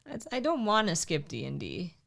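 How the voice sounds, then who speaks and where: A woman's voice: lowish voice, wildly swooping pitch, moderate pace, creaky, a bit bright. A woman in her thirties co-hosting a livestream, chatting casually and defending herself with a laugh. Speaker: livestream co-host. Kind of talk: casual chat.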